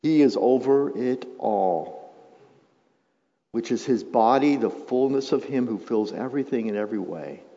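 A male pastor preaching a sermon, moving from quiet, reflective passages to loud, emphatic build-ups. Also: mid-range voice, a little slow. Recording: muffled sound with long hall reverb.

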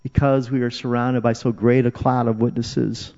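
A man's voice: medium pitch, level tone, normal speed, a little mellow. Man, pastor, sermon, earnest, repeats for emphasis, long hall reverb. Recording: dull, reverberant hall recording.

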